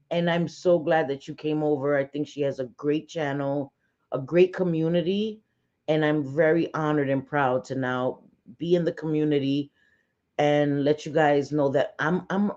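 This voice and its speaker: Hosting a laid-back livestream, this middle-aged woman from New York speaks in a low, dark voice with a strong local accent. Her style is frank, talkative and full of swearing, captured on slightly muffled, lo-fi audio.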